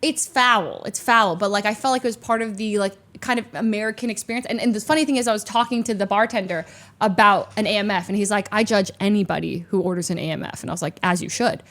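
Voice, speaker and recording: A woman chatting casually, laughing and protesting, with quick rambling asides. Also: medium pitch, a bit bright. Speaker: streamer reacting. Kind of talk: casual chat.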